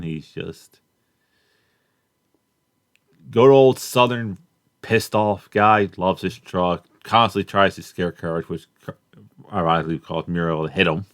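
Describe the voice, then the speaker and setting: A young man giving a casual, rambling spoken review of a cartoon, halting often and filling gaps with "like" and "uh.". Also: low-pitched, a bit bright, dry recording, clean studio sound. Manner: rambling, halting, many fillers and restarts.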